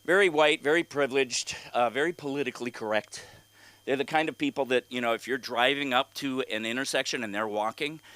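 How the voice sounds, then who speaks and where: A man doing a stand-up set at an open mic, from California, rambling through halting, crude rants full of fillers and restarts. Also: medium pitch, fairly bright tone, no echo. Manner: crude, exasperated ranting. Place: comedy club stage.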